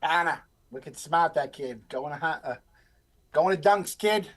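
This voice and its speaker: Animated rambling man, higher voice. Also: a little slow. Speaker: podcast co-host. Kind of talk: casual live stream chat.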